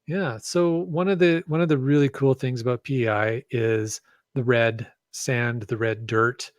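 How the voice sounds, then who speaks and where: A man chats casually on a podcast, rambling through his points with frequent ums and self-corrections. His voice sits at an ordinary pitch, and the recording is dry and close, with no room sound. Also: steady tone, measured pace, no echo. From Canada. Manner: rambling, hesitant, with many ums and restarts.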